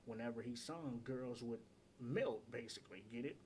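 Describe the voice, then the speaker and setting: A man's voice: medium pitch, moderate pace, a little mellow, slight background noise. A man hosting a casual breakdown of rap battle lyrics, repeating lines and asking "get it?" as he explains each joke.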